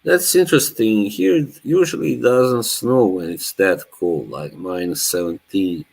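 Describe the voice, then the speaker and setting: A man's voice: lowish voice, measured pace, gravelly, a little mellow, husky, rough recording. A man, chatting casually with his live chat as a streamer, laughing often. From Bosnia. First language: Norwegian. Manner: laid-back, laughs often, chats to viewers.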